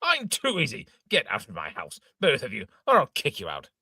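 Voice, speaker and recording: A man voicing a hot-tempered old gentleman who sputters oaths and exclaims indignantly, in an amateur reading of an old farce. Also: medium pitch, huge pitch swings, normal speed, vocal fry, husky, no room sound, studio quality, heavily acted.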